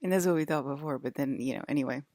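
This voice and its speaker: Woman, Southern accent, low voice, rambling vlog monologue, dry close sound. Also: rapid-fire, warm tone, no room sound. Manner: rambling, swearing, paranoid asides. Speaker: vlogger.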